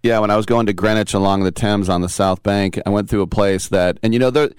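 A man's voice: fairly low pitch, fairly even intonation, fast talker, clean tone, dry recording. A man interviewing a guest, asking rambling and curious questions. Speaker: interviewer, host. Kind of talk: interview conversation.

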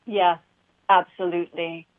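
A woman's voice: fairly low pitch, flat delivery, unhurried. A woman who acts, talking about her work in a casual interview, enthusiastic and full of fillers and restarts. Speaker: actor guest. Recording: phone line.

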